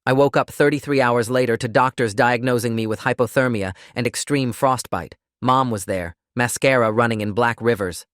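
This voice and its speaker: A man narrating a first-person story in a steady, even reading voice. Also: medium pitch, moderate pace, few pauses, no room sound, clean studio sound. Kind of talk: scripted narration.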